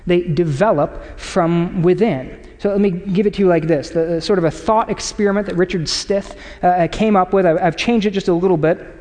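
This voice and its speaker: A man's voice: sits high, moderate pace, hardly any pauses. A man preaching a sermon to a congregation, talking in a conversational way and acting out quotes as he tells stories. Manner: conversational, animated storytelling with acted quotes. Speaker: pastor. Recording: long hall reverb.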